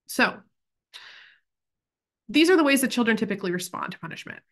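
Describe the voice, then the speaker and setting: A woman's voice: fairly high pitch, lively intonation, fairly quick. A woman in her thirties leading a casual online parenting class, chatty and full of "like" and "right?", who sometimes acts out a child's thoughts in a small voice. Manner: chatty, many "like" and "right?" tags. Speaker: parent educator.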